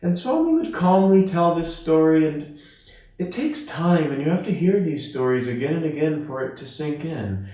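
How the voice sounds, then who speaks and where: An American monastery class teacher gives a spiritual talk full of acted anecdotes, speaking gently and expressively at a moderate pace. He lifts his pitch to voice the people he quotes. The recording is echoey and captured from afar.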